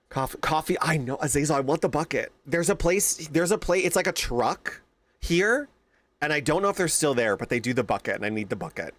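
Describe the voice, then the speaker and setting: A young man streaming, chatting casually with his viewers, telling animated stories and greeting them by name. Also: fairly high pitch, brisk, no room sound.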